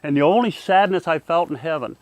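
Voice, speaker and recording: An older man telling his personal story in an earnest, halting way, repeating words and dropping to a hushed voice at moving moments. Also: on the high side, dry recording. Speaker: interviewee. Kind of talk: personal testimony.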